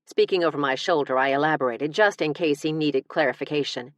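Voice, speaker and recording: Brief: woman narrator with a deep voice, wry first-person comic storytelling, dead-dry studio sound. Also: a little fast, no echo. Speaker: audiobook narrator.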